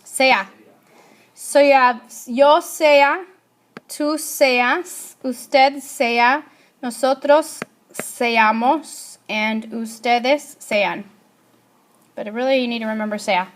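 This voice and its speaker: Woman teacher, slow and deliberate, quizzes the class and answers herself. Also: on the high side. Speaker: Spanish teacher. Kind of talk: classroom grammar lesson.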